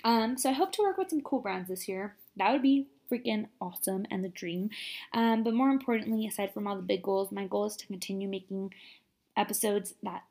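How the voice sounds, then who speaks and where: Young woman, podcast host, gravelly vocal fry, upbeat casual chatter. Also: medium pitch, a little fast, darkish tone. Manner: upbeat and chatty, uses "like" a lot.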